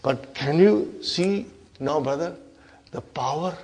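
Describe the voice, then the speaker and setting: A man's voice: a little high, slow pace, darkish tone. A man whose first language is Urdu teaches an Arabic grammar lesson, questioning the class and checking in often. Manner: keeps checking in with "huh?" and asks the class questions.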